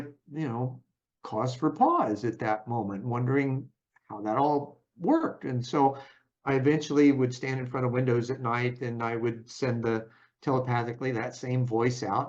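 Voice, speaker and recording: A man speaks in an ordinary mid-range voice, telling his own story in a reflective, unhurried way. He often pauses to find the right words. The audio is a little dull and lo-fi. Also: mid-range voice, a little mellow. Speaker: podcast host.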